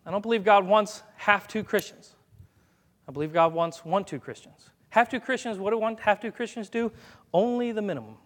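A guest preacher with a high-pitched voice delivers a chatty, folksy sermon at a moderate pace in a church sanctuary. He calls commands to a dog as a live demonstration, and his voice trails off in a long reverb.

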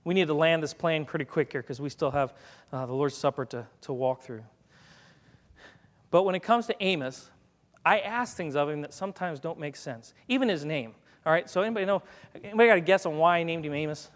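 Folksy preacher, male, high voice, long church-hall reverb, talks easily to the congregation and the dog. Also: brisk. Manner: chatty, folksy, gives dog commands mid-sermon. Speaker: guest preacher. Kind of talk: conversational sermon with live dog demonstration. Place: church sanctuary.

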